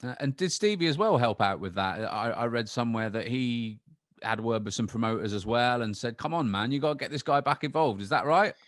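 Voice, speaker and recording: A man's voice: mid-range voice, lively intonation, brisk, dry recording. Podcast host guy asking questions, chatty, dry close sound. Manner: conversational, builds questions out loud. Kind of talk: casual interview questions.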